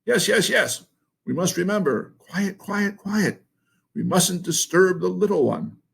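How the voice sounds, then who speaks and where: A man voicing a proud, stubborn male goose in a picture book read-aloud, earnest and insistent with a raspy voice. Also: high voice, animated, a little slow, pitched above the performer's own voice, full character voice. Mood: hushing.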